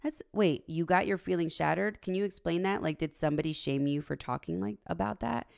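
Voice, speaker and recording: A woman in her thirties hosts a casual relationship livestream, with a low voice and a gravelly, creaky edge. She talks earnestly about faith and values, tosses in "right?" and "like", and laughs easily as she tells stories. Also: fairly quick. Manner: earnest, faith-based, uses "right?" and "like" often; animated storyteller, laughs easily. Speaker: relationship coach and host. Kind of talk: casual livestream talk, reading viewer comments.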